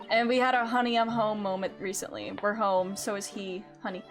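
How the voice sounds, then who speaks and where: A woman's voice: mid-range voice, steady tone, a little fast, faint music behind. A woman streamer giving playful, giggly commentary while playing a game. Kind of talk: let's play commentary.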